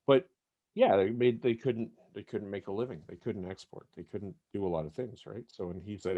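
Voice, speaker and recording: A man from Canada co-hosts a casual podcast in a lowish voice. He is laid-back and swears freely, and he laughs often between remarks. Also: normal speed, phone-quality sound. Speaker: podcast co-host.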